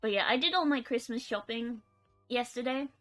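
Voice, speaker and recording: A woman's voice: fairly high pitch, moderate pace, fairly bright tone, faint music behind. A young woman chatting casually on a live stream, giggling often and reading out chat. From United Kingdom.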